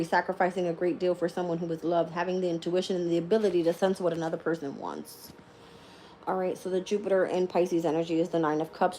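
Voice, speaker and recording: A woman's voice: on the low side, a little mellow, a little hiss or hum. Tired, laughing woman tarot reader. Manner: laughs often, swears casually. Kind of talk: live-stream tarot reading and casual chat.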